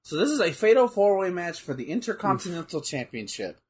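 A young man chatting casually while watching wrestling, animated and rambling, with lots of fillers and swearing. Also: sits high, brisk, breathy edge. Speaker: co-commentator.

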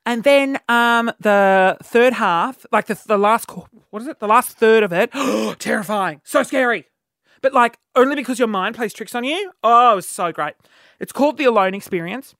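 A man's voice: extremely high pitch, pushed and bright, no echo, studio quality. A man hosting a solo podcast, telling a story in a cheeky, rambling way full of fillers and restarts. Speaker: podcast host.

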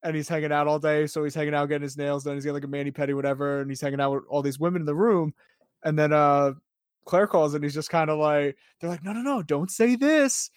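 A man on a podcast tells a story in a relaxed, agreeable manner. His voice sounds close and dry, with no room echo. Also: fairly high pitch, fast talker, clean tone. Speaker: podcast co-host. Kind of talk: casual chat.

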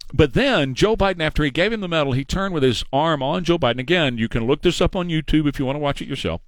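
A middle-aged man delivers a combative political monologue as a talk show host, sarcastic and quick with his jabs. His voice sits at an ordinary male pitch. The sound is close and dry, with no room around it. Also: dry recording. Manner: combative, sarcastic, fast-talking.

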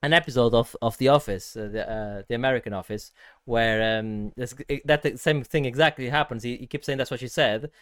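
A man's voice: medium pitch, a little fast, clear, resonant tone, dry recording, clean studio sound. A man on a podcast, telling a rambling story with lots of restarts and filler words. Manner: rambling storyteller, many "uh"s and restarts, laughs at own jokes. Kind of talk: casual podcast chat.

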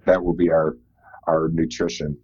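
Gravelly low-voiced man on a dull line. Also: little pitch movement, normal speed, darkish tone, no echo. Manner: agreeable, chuckling along. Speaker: podcast guest. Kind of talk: casual chat.

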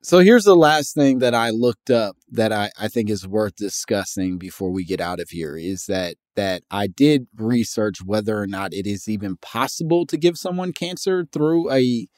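A man's voice: lowish voice, expressive, normal speed, few pauses, a little mellow, no echo, studio quality. A man from Indiana hosting a casual podcast chat, laid-back and jokey, thinking aloud as he talks. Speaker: podcast host.

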